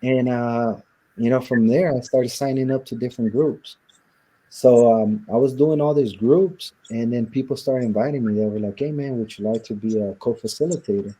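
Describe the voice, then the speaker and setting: A man's voice: mid-range voice, moderate pace, dark tone, breathy edge, poor audio. A man being interviewed, earnestly telling a reflective personal story and acting out the voices of the people in it. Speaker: interview guest. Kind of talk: conversational storytelling.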